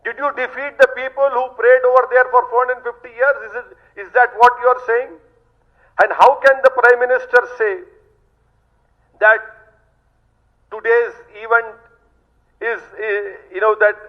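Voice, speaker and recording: A man with an Indian accent, a politician giving an impassioned statement and directly addressing the country's leader with emphatic, repeated phrases. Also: very high voice. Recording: muffled lo-fi recording.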